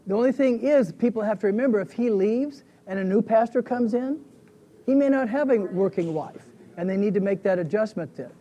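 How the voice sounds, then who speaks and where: A pastor leading a casual Bible study class, talking in a conversational, halting way. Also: male voice, sits high, warm tone, muffled recording. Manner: conversational, halting, many restarts and fillers.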